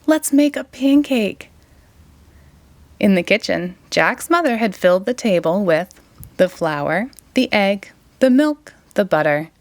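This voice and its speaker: Expressive woman reading a picture book aloud. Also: mid-range voice, a little slow, no echo. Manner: expressive, sing-song. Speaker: storytime reader.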